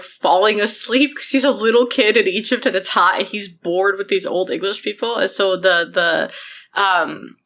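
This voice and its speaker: A woman co-hosts a casual podcast chat, animated and quick to swear and laugh. Her voice has a bright, forceful edge. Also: medium pitch. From Buffalo, New York. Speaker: podcast co-host.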